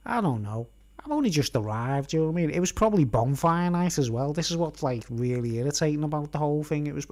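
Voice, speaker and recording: On a live stream, a man with a slightly high, darkish voice tells a long personal story. He rambles casually and keeps checking in with listeners, constantly asking "right?"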